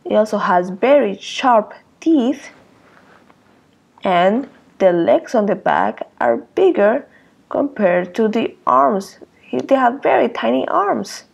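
Brief: expressive woman teacher reading aloud to toddlers, unhurried, a bit of fry in the voice. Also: a little high, highs cut off. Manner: expressive, exclaiming, asks children questions. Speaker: early years teacher. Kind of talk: circle-time lesson and picture-book read-aloud for young children.

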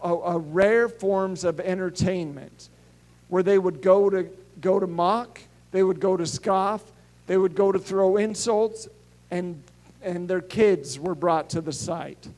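A middle-aged male pastor preaching a sermon, telling stories and swinging between hushed and emphatic delivery. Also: sits high, steady tone, slow.

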